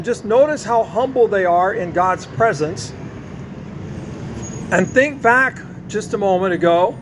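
A man preaching a sermon, teaching slowly and drawing out his stressed words. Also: high-pitched, noisy background. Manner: slow, emphatic teaching with drawn-out stressed words.

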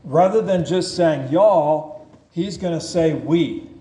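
A man preaching a sermon, reading scripture aloud and explaining it with slow, emphatic delivery. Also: fairly high pitch, dark tone. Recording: echoey church room.

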